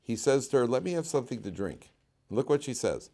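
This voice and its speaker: A man, a rabbi teaching a lively class and telling stories, laughing often and repeating himself. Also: medium pitch, a little fast.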